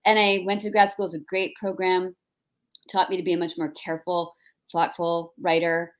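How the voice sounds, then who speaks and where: A woman in her forties from New Jersey, an author telling animated, self-deprecating stories in casual conversation. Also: lowish voice, moderate pace. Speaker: author guest.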